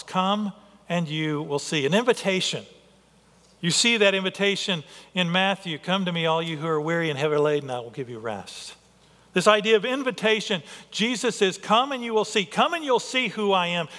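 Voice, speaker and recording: A man's voice: high-pitched, bright, forceful tone. A man preaching a sermon as a pastor, earnest in manner, often restarting his sentences as he thinks aloud. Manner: earnest, with frequent restarts and filler. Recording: reverberant hall.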